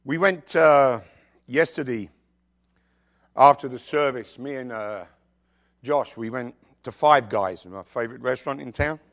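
A male pastor preaching a sermon, telling personal stories in an animated, emphatic way with jokey asides. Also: mid-range voice, unhurried, pauses often. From outside the United States.

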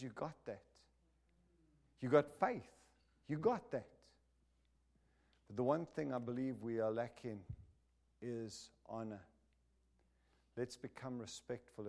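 A middle-aged man preaching from the pulpit in an emphatic, direct way. His voice sits at an ordinary male pitch, climbing loud on the words he stresses and sinking quiet when he turns to prayer. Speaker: pastor. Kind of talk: sermon.

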